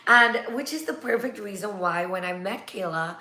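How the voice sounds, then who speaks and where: A woman's voice: medium pitch, moderate pace, pushed and bright. A woman hosting a casual live-stream chat, talking at length and rambling with easy laughs. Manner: chatty, rambling, laughs easily. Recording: echoey room.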